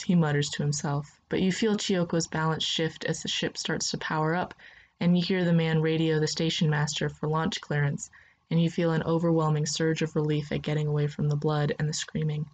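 A woman's voice: sits low, flat delivery, normal speed, a little mellow, a little hiss or hum. Woman narrating a second-person story.

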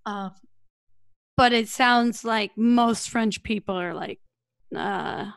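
A woman's voice: a little high, fairly even intonation, slow pace, creaky, fairly bright tone, clean tone, no room sound. Woman rambling on a podcast, lots of likes and ums, dry close sound. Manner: rambling, lots of fillers, jokey voices for quoted people. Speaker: podcast co-host. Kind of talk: casual podcast chat.

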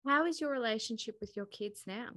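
A woman's voice: fairly high pitch, brisk, fairly bright tone. A woman hosting a podcast, responding to her guest and asking a follow-up question. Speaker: podcast host. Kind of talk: interview.

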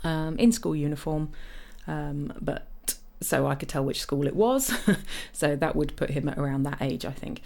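Low-voiced chatty woman. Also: moderate pace, creaky, few pauses, darkish tone. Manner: chatty storyteller, frequent fillers and restarts. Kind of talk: casual chat.

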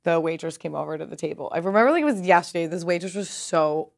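Fast-talking and creaky, with a fairly low pitch, this woman in her thirties hails from Pasadena, California. She guests as a clothing brand founder in a relaxed interview, storytelling in a chatty, meandering style with heavy "like" and casual swearing.

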